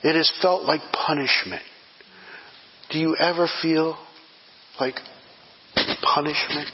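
A pastor preaches his sermon in a measured, unhurried way, building to loud emphatic peaks and then dropping to hushed near-whispers. His voice rings out with a long reverb through a church hall. The recording itself sounds dull and muffled. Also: on the high side, fairly even intonation.

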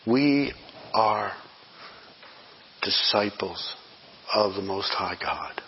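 A pastor preaches his sermon in a measured, unhurried way, building to loud emphatic peaks and then dropping to hushed near-whispers. His voice rings out with a long reverb through a church hall. The recording itself sounds dull and muffled. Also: on the low side, expressive, a little hiss or hum.

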